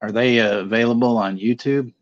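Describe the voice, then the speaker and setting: A man's voice: mid-range voice, fairly even intonation, fairly quick, dry recording. A man telling stories in casual, profane stream chat, laughing at his own tales. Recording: dull lo-fi sound.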